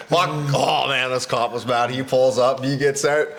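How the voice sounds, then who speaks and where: A man, his bright and forceful voice sitting at an ordinary pitch. He tells his story in a loose, rambling way, swearing freely and breaking into laughter as he gets animated. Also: slow, a little hiss or hum. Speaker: podcast host telling his story. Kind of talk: casual storytelling.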